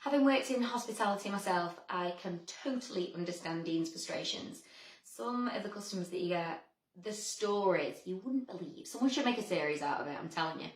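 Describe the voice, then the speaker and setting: A woman's voice: on the low side, animated, a little fast. A woman hosting a video show, delivering scripted narration with chatty commentary between clips. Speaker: show host. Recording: echoey narration with light music.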